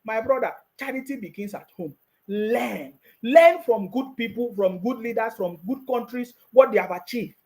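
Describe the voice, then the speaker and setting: A man's voice: very high voice, expressive, moderate pace, darkish tone. A man with a Nigerian accent giving scolding, mocking political commentary on his YouTube channel, laughing often.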